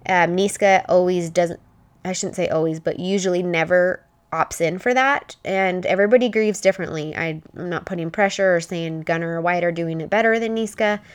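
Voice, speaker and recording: A woman's voice: lowish voice, clear, resonant tone. A middle-aged woman, a mother, telling a personal story in a casual, heartfelt and rambling way. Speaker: widowed mother vlogging.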